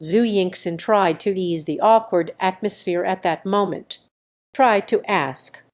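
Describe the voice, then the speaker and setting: A woman's voice: mid-range voice, unhurried. A woman narrating a romance story in a scripted audiobook reading.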